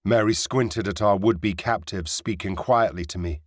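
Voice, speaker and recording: Male audiobook narrator, measured, close mic, dry studio sound. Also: lowish voice, no echo. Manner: measured, descriptive reading.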